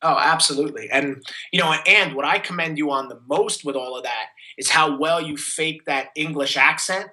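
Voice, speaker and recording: A man's voice: a little high, normal speed, few pauses, pushed and bright, poor audio. A man, giving an enthusiastic, motivational interview as a fitness coach. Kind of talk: energetic interview talk.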